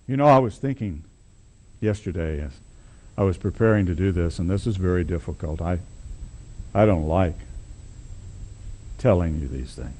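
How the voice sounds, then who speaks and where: A man's voice: low-pitched, animated, moderate pace, pauses often, a little mellow. A man preaching a sermon, telling a story in a conversational, wry and emphatic way.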